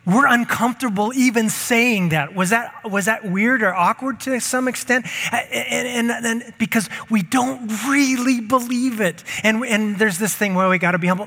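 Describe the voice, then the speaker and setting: A man's voice: sits high, normal speed, few pauses, pushed and bright, in a large hall. A man preaching a sermon as pastor, speaking emphatically, repeating key phrases and leading the congregation to speak lines back. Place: church sanctuary.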